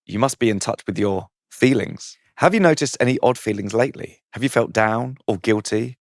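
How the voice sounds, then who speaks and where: A man's voice: medium pitch, a little fast, no room sound, clean studio sound. A man, a comedian, reading out his saucy comic story with a playful manner, often laughing at his own jokes.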